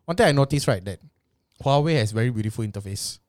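A man's voice: mid-range voice, lively intonation, quick pace, a little mellow, no room sound, clean studio sound. A man with a Singaporean English accent, co-hosting a podcast in joking, teasing banter with local slang. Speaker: podcast co-host.

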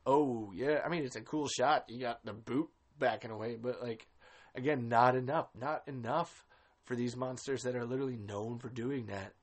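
A man's voice: mid-range voice, moderate pace. A man hosting a casual film commentary podcast, ranting with exasperation and swearing freely. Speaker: podcast host.

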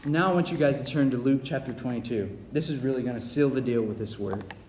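Earnest young preacher in an echoey hall. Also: male voice, mid-range voice, quick pace, darkish tone, slight background noise. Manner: earnest, repetitive, stumbles and restarts. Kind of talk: sermon. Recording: echoey hall, faint ambience.

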